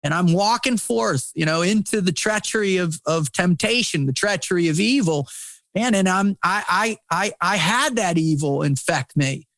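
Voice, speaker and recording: A man's voice: high voice, normal speed, fairly bright tone, no room sound. A middle-aged man, a podcast guest and former Navy SEAL, talking in an intense, preachy way with lots of swearing, repeated words and "man.". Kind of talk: impassioned casual conversation.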